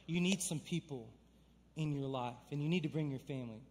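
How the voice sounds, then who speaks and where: Energetic young male preacher, hall reverb. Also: on the high side, brisk, slight background noise. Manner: energetic, conversational preaching with emphatic build-ups. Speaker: pastor. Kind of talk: sermon. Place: church sanctuary.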